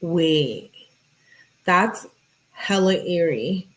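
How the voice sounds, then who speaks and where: A woman's voice: fairly low pitch, lively intonation, very slow. A woman hosting a true crime channel, chatting casually and thinking aloud as she reads through text messages.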